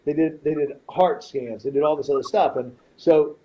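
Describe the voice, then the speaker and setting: A middle-aged man guests on a podcast, his voice fairly high and his pace normal. He tells a story in casual, profane language, animatedly quoting and acting out the people in it. The podcast audio sounds slightly dull, with faint noise.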